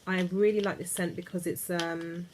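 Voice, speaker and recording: With background noise around her, a beauty vlogger chats from her bed about perfumes at a normal speed. Her fairly low voice holds a steady tone as she gushes and frequently trails off.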